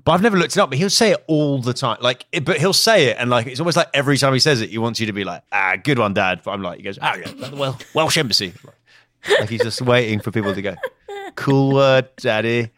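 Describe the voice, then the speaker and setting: A man's voice: medium pitch, rapid-fire, hardly any pauses, fairly bright tone. A man hosting a comedy podcast, chatting in a playful, teasing way. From United Kingdom. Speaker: podcast host. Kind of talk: casual comedic chat.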